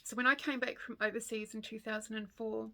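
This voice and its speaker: A woman's voice: a little high, flat delivery, brisk, bright, forceful tone. A grandmother in her fifties with a New Zealand accent, chatting casually to camera about her stitching, going off on tangents and laughing often. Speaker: stitching vlogger.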